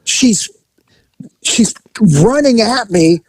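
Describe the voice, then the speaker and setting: A man casually telling a story, animated and laughing, swearing often and acting out other people's voices. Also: very high voice, very slow, dry recording, poor audio. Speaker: storyteller recounting undercover work.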